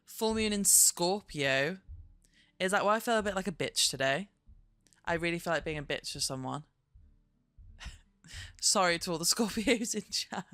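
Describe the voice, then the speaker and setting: A woman's voice: on the low side, expressive, measured pace, pauses often, fairly bright tone, no echo, clean studio sound, faint music behind. A young woman, chatting casually and expressively on a live stream, swearing and laughing often. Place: at her desk at home.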